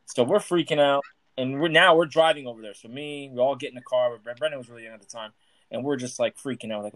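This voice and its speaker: A man with a Miami accent, co-hosting a casual podcast and telling stories quickly and excitably. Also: medium pitch, no echo, poor audio. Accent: Miami English. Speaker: podcast co-host.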